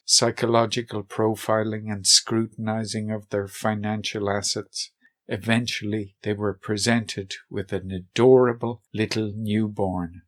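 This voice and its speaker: A man hosting a workshop video, giving scripted narration with dry, deadpan humor. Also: lowish voice.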